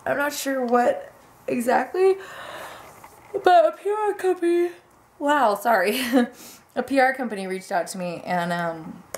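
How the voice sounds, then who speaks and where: A woman's voice: high-pitched, measured pace, long pauses, a little hiss or hum. A young woman vlogging at home, chatting casually and rambling from topic to topic. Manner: bubbly, rambling, talks to her dogs in a baby voice. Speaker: fitness vlogger. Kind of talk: casual vlog chat to camera.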